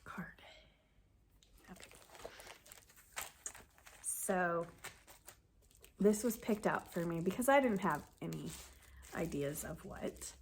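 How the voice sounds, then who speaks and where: Sniffly, excited woman knitting vlogger. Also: fairly low pitch, slow, long pauses, a little hiss or hum. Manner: excited, gushing, often dropping to a whisper. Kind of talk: casual unboxing chat.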